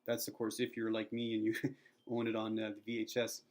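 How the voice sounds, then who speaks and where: A man's voice: on the low side, completely flat delivery, fairly quick, darkish tone. A middle-aged man giving casual spoken Bible teaching, chatty and rambling, acting out quotes as he retells a scene. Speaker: Christian video teacher.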